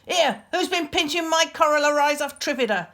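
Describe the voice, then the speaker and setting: A blustering male beast from a children's storybook, as a woman reader puts him on, loud, raised in pitch and full of swagger. His lively, bouncing delivery swings between threats and cosy gossip. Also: normal speed. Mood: threatening. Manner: loud and bullying, then offhand. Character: blustering male beast, gruff then chummy.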